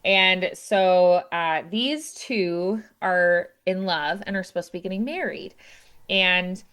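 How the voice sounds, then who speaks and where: A woman's voice: on the low side, slow pace, fairly bright tone, clear, resonant tone. A young woman voice teacher chatting through an opera scene with many fillers, acting out the characters' lines with a raised voice. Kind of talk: explaining an opera scene to a student.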